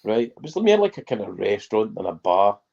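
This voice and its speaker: A Scottish man with a fairly low voice tells anecdotes over a video call, and the audio comes through muffled and lo-fi. His delivery is dry and unhurried, with casual swearing. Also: sing-song, vocal fry, dark tone. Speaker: guest joining on call. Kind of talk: casual chat, telling anecdotes.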